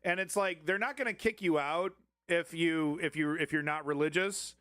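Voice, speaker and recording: A man co-hosting a news show, reacting excitably and profanely, often repeating and stumbling over words. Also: on the high side, normal speed, clean tone, no room sound, clean studio sound. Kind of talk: casual reactive commentary.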